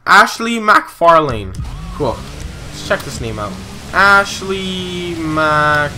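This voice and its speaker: An excitable young man gives let's-play commentary and slips into police radio role-play. His voice sits high and rings very bright. He rambles with plenty of fillers and shouts in surprise when the action turns. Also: soft background music, rough recording. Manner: excitable, exclaims loudly when startled; rambling, many filler pauses. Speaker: gaming channel host.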